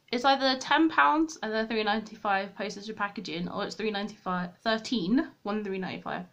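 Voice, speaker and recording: Recorded with dull audio, a young woman of medium pitch and fairly bright tone does her makeup at a mirrored desk in a room at home. This beauty vlogger chats through a get-ready-with-me video, rambling and making fun of herself.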